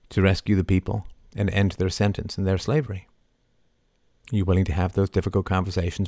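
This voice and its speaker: A middle-aged man hosting a live show, talking passionately and swinging from soft asides to loud, emphatic outbursts. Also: low-pitched, no room sound, studio quality. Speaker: show host. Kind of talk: impassioned live-stream monologue.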